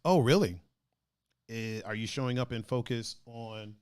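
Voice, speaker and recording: A man co-hosting a casual podcast, joking around, laughing often and slipping into quick mock voices. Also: mid-range voice, darkish tone, smooth, dry recording. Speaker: podcast co-host.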